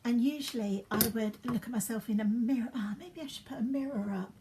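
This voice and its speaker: A woman's voice: a little high, a little fast, noisy background. Chatty woman in her fifties. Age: 50s. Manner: chatty, rambling, drops into soft asides while working. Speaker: beauty vlogger. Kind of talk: chatty get-ready-with-me vlog.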